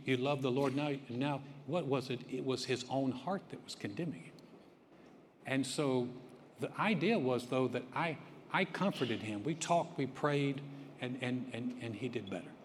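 A man's voice: mid-range voice, a little hiss or hum. A male pastor giving a sermon, talking conversationally and building to emphatic preaching. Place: church sanctuary. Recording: long hall reverb.

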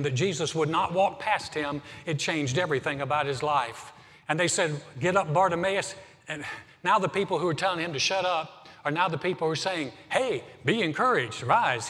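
A man's voice: a little high, a bit bright. Impassioned preaching man in a reverberant hall. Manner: preaching with rising passion, repeats words when emphatic. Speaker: pastor. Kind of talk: sermon. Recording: long reverb of a church hall.

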